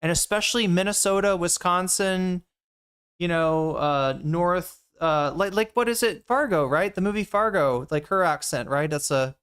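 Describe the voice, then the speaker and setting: A woman's voice: on the low side, moderate pace, clear, resonant tone. Chatty woman streamer, rambling. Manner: rambling, chatty, talks to chat. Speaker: streamer reacting to a video. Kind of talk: casual chat.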